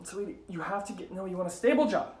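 A quick-talking, nagging mom who scolds and insists, as a woman puts her on. The sound is echoey, like a bare room. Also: medium pitch, expressive, darkish tone, a little hiss or hum, pitched below the performer's own voice, natural voice. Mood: scolding. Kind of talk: comedy skit.

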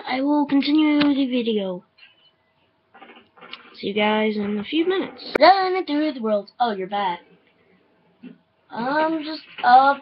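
A young woman commentating her own shooter gameplay, swinging between easy chatter and yelling and swearing at other players. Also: high-pitched. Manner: excitable, yelling and swearing at opponents. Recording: dull lo-fi sound.

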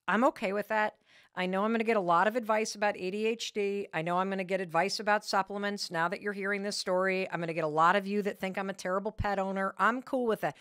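A woman hosting a motivational podcast, telling a story about herself in an animated, candid way. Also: mid-range voice, normal speed, no echo, clean studio sound. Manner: animated storytelling with frank candor. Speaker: podcast host.

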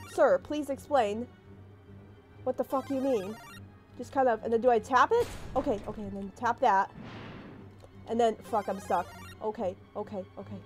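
A young woman playing a horror game, panicking, swearing and yelping as something chases her, then talking herself calm. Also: a little high. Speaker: gaming streamer. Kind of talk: let's play commentary. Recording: faint game music behind.

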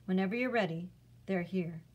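A woman voicing a weary, wise old male centaur teacher in a storybook read-aloud, speaking calmly and firmly. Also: lowish voice, normal speed, dull audio, close to an everyday voice. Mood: measured.

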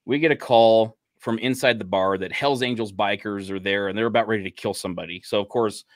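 Low-voiced man telling cop stories, dry sound. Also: brisk, dry recording. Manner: laid-back, frequent "you know" fillers, laughs at his own stories. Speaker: podcast host, police officer. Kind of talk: casual storytelling chat.

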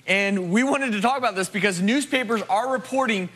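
A man's voice: high-pitched, fairly quick, few pauses, a bit bright. A man hosting a TV talk show, presenting in a studio with an audience and addressing them directly.

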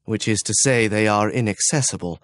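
A man's voice: fairly low pitch, a little fast, fairly bright tone, no echo, studio quality, close to an everyday voice. A man voicing a hopeful, eager young man in an audiobook, speaking with reassuring energy.

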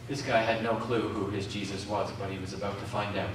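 A man's voice: fairly low pitch, fairly even intonation, a little fast, hardly any pauses, fairly bright tone, a little hiss or hum. A man preaching a sermon, calling out questions to the congregation. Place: community centre hall. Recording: echoey hall from far off.

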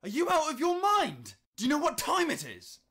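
An irate neighbor. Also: male voice, very high voice, huge pitch swings, moderate pace, heavily acted. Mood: furious. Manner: shouting, abrasive. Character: angry middle-aged male neighbor.

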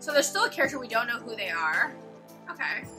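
A woman's voice: a little high, big pitch swings, fast talker. A woman giving casual commentary while playing a game, thinking aloud as she browses its menus. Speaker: let's play host. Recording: game music playing underneath. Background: game music.

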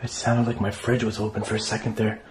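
A man's voice: on the low side, monotone, fast, background noise. A man vlogging from inside his house at night, frightened, swearing and repeating himself to his viewers on a handheld camera. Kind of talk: paranormal vlog, addressing viewers. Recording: loud music over the voice.

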